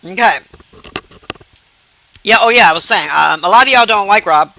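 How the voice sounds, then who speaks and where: A woman's voice: medium pitch, vocal fry, pushed and bright, low-quality recording. A woman on a casual livestream, rambling bluntly about a movie, swearing freely and teasing her silent chat. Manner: profane, blunt trash-talking, teasing the chat; rambling with restarts and drawn-out asides.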